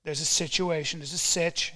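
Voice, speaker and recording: A man, a comedian guest on a podcast, telling animated stories in a boastful, excitable way and swearing often. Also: fairly high pitch, normal speed. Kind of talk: animated storytelling chat.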